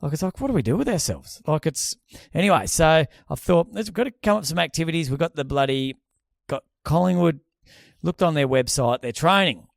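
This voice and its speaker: A man's voice: fairly high pitch, expressive, fairly quick, creaky, dry recording, studio quality. An Australian man co-hosting a podcast, bantering bluntly and jokingly in casual chat. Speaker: podcast co-host.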